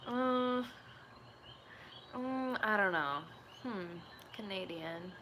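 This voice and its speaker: A young Puerto Rican woman chats casually on a live stream, her medium-pitched voice a little sore and tired after hours of talking. She's animated but very slow, reading chat questions, answering offhand and trying out joke accents. The background is noisy.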